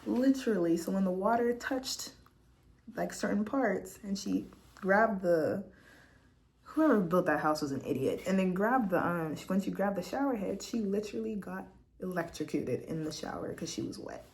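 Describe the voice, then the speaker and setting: A woman's voice: mid-range voice, expressive, normal speed, darkish tone. Candid, heartfelt young woman from Quebec. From Quebec, Canada. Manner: candid, heartfelt, chatty, often laughing. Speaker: vlogger. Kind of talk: personal testimony vlog. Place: at home, seated at a laptop.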